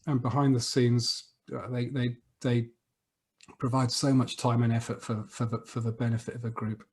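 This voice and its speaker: A middle-aged man from the UK, an outgoing trustee, giving a prepared farewell speech over a video call, warm and a little halting, repeating words as he goes. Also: medium pitch.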